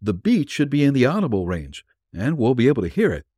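A man voicing an excitable, gruff male radio inventor who rattles off technical plans in a rush. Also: mid-range voice, dry recording, studio quality, voice pushed up. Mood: excited. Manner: excited, rapid technical explaining.

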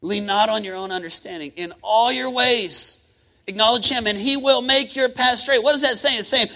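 A man's voice: very high voice, normal speed, bright, forceful tone. A man preaching a sermon as pastor, speaking with rising emphasis and calling on the congregation to respond. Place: church.

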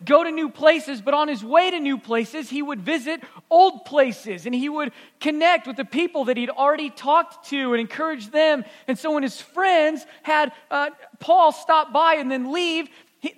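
A man's voice: very high-pitched, normal speed, fairly bright tone, long reverb tail. A man pastor telling a story in an earnest, conversational sermon.

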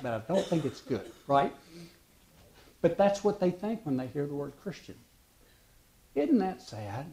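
Male preacher, warm mellow voice, storytelling sermon, halting restarts, voices the dialogue. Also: mid-range voice.

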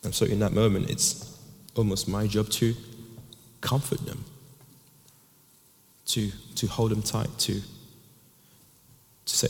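A man's voice: lowish voice, flat delivery, slow pace, creaky, long pauses, darkish tone, in a large hall. A man in his thirties preaching a sermon, telling a personal story earnestly and often restarting his words.

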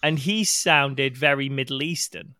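Jokey podcast guy, talks slow, bright sharp voice. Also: mid-range voice, clear, resonant tone, dry recording, studio quality. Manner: jokey, laughs often. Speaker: podcast co-host. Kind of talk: casual chat.

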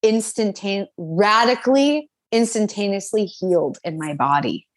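A young woman telling her personal faith testimony in an interview, animated and full of fillers, acting out what others said. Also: medium pitch, unhurried, dry recording. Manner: animated storytelling, acts out quotes, many fillers. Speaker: guest.

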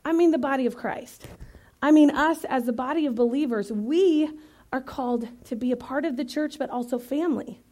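A woman from Iowa preaching to a church congregation, lively and conversational, joking and emphatic as she talks to the room. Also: high-pitched. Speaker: guest preacher. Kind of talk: sermon.

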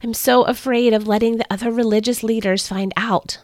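A woman's voice: a little high, steady tone, moderate pace, no echo, studio quality, natural voice. Woman reading a worried, confiding councilman. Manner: hushed, worried. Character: anxious male council member, confiding.

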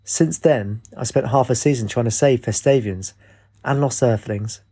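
A man's voice: medium pitch, normal speed, dark tone, husky. A man reading an urgent male captain pleading for help in a storybook.

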